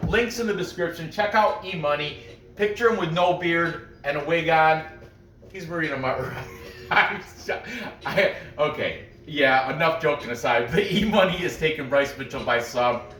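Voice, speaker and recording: A man's voice: fairly high pitch, normal speed, fairly bright tone, distant mic, slight background noise. Rambling, joking man in an echoey room. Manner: rambling, joking, laughs often. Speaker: podcast host comparing fight picks. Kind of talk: casual chat.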